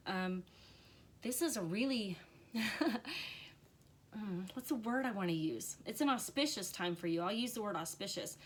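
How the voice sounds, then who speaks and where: A woman's voice: medium pitch, animated, a little slow, pauses often, slight background noise. Earnest, emotional woman reading tarot. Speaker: tarot reader. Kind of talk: live-streamed tarot reading.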